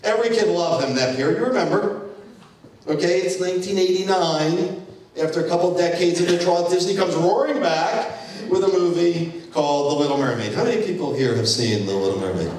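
A man in his fifties giving a keynote speech, an animated storyteller who slips in dry jokes. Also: high voice, a little fast, a little hiss or hum. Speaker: keynote speaker. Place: event hall. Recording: echoey hall, voice from far off.

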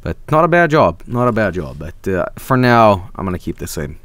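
A man's voice: fairly low pitch, big pitch swings, moderate pace, a bit bright, no room sound. A man streaming casually, reading out fan art and chat, rambling, swearing freely and breaking into silly voices.

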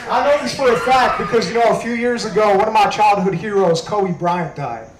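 A man performing a stand-up comedy set on a club stage, telling jokes in a conversational way with deadpan punchlines. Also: sits high, echoey room, low-quality recording.

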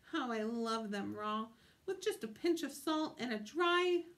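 A woman's voice: sits high, fairly even intonation, slow, pitched above the performer's own voice. A woman voicing a suffering male fox who pleads and weeps, sly and hungry underneath. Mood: dreamy. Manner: pleading and weepy.

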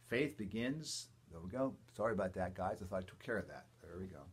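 An older man, a priest, reading the gospel and a homily in a measured, reverent way, with emphatic quotes and quiet asides. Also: fairly low pitch, lively intonation, slight background noise. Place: church or home, livestream.

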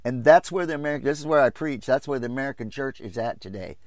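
A man preaching an informal Bible study from his RV, impassioned and quick to mock opposing views in a raised voice. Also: animated, dry recording. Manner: impassioned, jumps into mocking high voices to quote others.

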